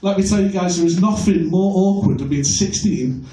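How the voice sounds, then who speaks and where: High-voiced comic on a club stage. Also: male voice, normal speed. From Birkenhead, England. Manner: deadpan, crude self-mocking delivery. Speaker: stand-up comedian. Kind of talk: stand-up comedy set. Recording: echoey club, recorded from far off.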